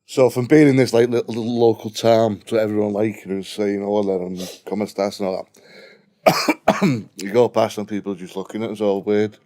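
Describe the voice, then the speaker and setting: A man's voice: on the low side, fairly even intonation, normal speed, mellow. A man with a broad Liverpool accent telling a profane, blunt anecdote in casual chat. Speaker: guest storyteller.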